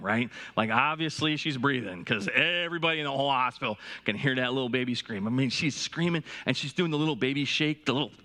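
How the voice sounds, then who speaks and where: A pastor in his forties delivers a sermon in a relaxed, story-driven way. His voice sits at an ordinary middle pitch for a man, and he stumbles and restarts phrases as he talks. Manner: conversational storytelling with frequent restarts.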